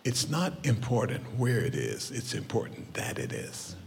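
Preacher doing God: quiet, firm, calm male voice, church hall echo. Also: medium pitch, normal speed, creaky. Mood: calm insistent.

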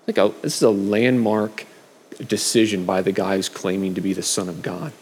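A man's voice: deep voice, fairly even intonation, moderate pace, darkish tone, husky. A middle-aged man giving a casual sermon with scripture readings, talking loosely with fillers and restarts. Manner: conversational, frequent fillers and restarts. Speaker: preacher sharing a message. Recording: long hall reverb.

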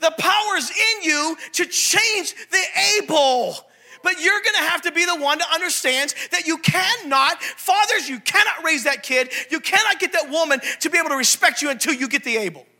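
High, bright-voiced animated preacher man. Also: moderate pace. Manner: animated, shouting, acts out voices. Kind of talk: sermon.

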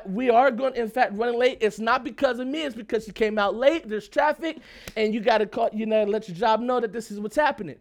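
A man telling a personal story in a lively, emphatic, casual way, often checking in with his listeners and laughing as he talks. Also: very high-pitched. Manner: laughs while talking.

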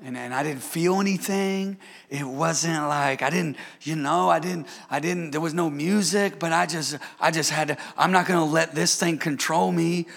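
A man preaches with a high, gravelly and bright voice, pressing his points again and again and calling out to the congregation. His sermon rings through a hall with a long reverb. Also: normal speed. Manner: emphatic preaching with repetitions and audience call-outs. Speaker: pastor.

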